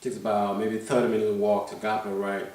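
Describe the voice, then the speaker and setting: A man's voice: fairly low pitch, completely flat delivery, brisk, darkish tone. A man tells a story from his life in a loose, rambling way, restarting his sentences and checking in with his listener. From Liberia. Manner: rambling, many restarts, keeps asking "you know what I'm saying". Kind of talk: casual life-story telling. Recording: very echoey room, mic far off.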